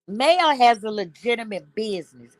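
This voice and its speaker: A woman's voice: fairly high pitch, animated, moderate pace. A woman, a guest on a casual video-call chat, ranting in a blunt, sassy way.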